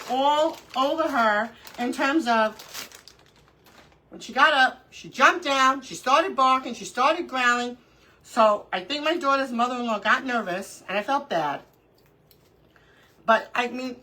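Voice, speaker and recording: Middle-aged woman, craft stream host, lively laughing storyteller, bright tense voice, a bit high. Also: low-quality recording. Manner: animated storyteller, laughs often. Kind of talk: casual chat during a live crafting stream.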